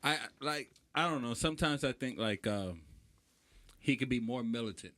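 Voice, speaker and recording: A man's voice: mid-range voice, expressive, moderate pace, a bit bright. A young man from Charleston, South Carolina, a podcast guest in casual chat, thoughtful with hesitant restarts. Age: young adult.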